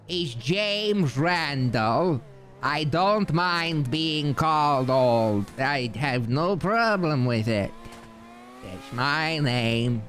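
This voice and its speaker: A man's voice: a little high, fairly bright tone, slight background noise, voice pushed down, exaggerated voice. A man putting on a fumbling formal impostor. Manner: formal, hesitant, overly polite. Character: old man faking another man's voice, fumbling and polite.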